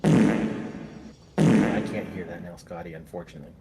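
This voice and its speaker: A man's voice: sits low, fairly even intonation, measured pace, vocal fry, very noisy. A man chatting while playing a game with a friend, laid-back and a little hesitant. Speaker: co-player. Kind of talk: casual gaming chat. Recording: game sounds under voice.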